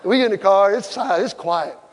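A man preaching a sermon, telling a personal story in an animated way and acting out both sides of an argument. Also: high-pitched, a little fast, big-room sound, background noise. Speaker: pastor.

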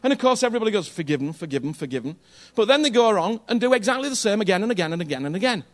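A man's voice: high-pitched, expressive, racing. A man preaching a sermon in a conversational, earnest way, often checking in with his listeners and repeating phrases for emphasis.

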